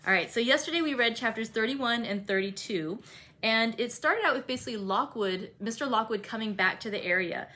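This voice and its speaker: A woman hosting an online read-aloud group, chatting casually as she recaps the plot and slips into quick quoted asides. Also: fairly high pitch, animated, bright, forceful tone. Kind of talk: casual book-club recap.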